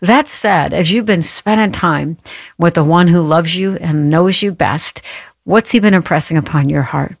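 A woman's voice: on the low side, normal speed, gravelly, no echo, clean studio sound. Fervent Christian talk show host woman. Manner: fervent, affirming interjections. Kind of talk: faith interview and show announcements.

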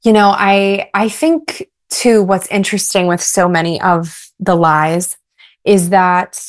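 A woman's voice: lowish voice, slow pace. Rambling, thoughtful woman guest author. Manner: thoughtful, rambling with restarts, light laughs. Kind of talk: casual radio interview.

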